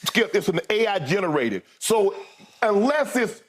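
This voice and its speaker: A man's voice: high-pitched, sing-song, measured pace. A man co-hosting a sports debate show, talking animatedly and addressing his co-host again and again.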